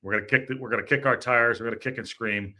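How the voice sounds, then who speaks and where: A man hosting a live football fan show, chatting casually in a jokey way, with quick apologetic asides. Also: mid-range voice, fairly even intonation, bright, forceful tone. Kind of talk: casual live-stream chat.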